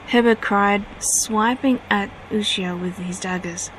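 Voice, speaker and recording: A woman reading her own fanfiction aloud at a steady pace, now and then correcting herself. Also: mid-range voice, measured pace, hardly any pauses, slight background noise, low-quality recording.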